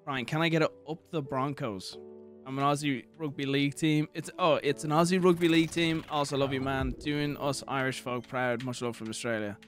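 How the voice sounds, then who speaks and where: A young man livestreams a game, chatting casually, swearing, and thanking viewers for their donations. His medium-pitched voice is fairly even in intonation and a little fast, with faint music in the background.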